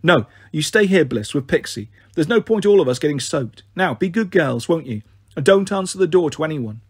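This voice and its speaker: A man voicing a sharp, bossy girl looking after younger siblings. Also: fairly high pitch, lively intonation, normal speed, husky, no echo, clean studio sound. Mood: snappish. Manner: snappish, in charge.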